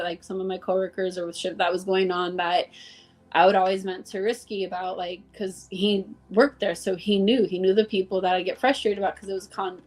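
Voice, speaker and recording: A woman guest in a casual conversation, telling heartfelt stories about coworkers, acting out the dialogue and using plenty of "like.". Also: medium pitch. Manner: heartfelt storytelling, acting out dialogue, many "like" fillers. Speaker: interview guest.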